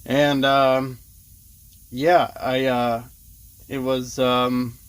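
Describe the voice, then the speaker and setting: A man's voice: mid-range voice, little pitch movement, drawn-out words, clear, resonant tone, no echo. A man talking casually to his vlog audience, rambling with lots of fillers and short laughs as he tells a story. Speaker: vlogger.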